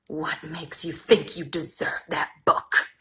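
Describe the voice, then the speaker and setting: A woman's voice: deep voice, little pitch movement, slow, sharp tone, heavily acted. A woman voicing a prim, anxious mother who scolds her son in a hiss and puts on genteel airs. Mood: furious.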